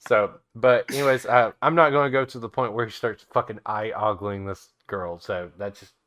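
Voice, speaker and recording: Man, game master, low voice, chatty, quiet narrating, laughs often. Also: steady tone, moderate pace.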